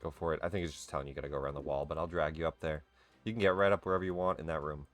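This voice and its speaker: A man's voice: sits low, steady tone, rapid-fire, soft background music. A man running a tabletop game as dungeon master, narrating casually with fillers.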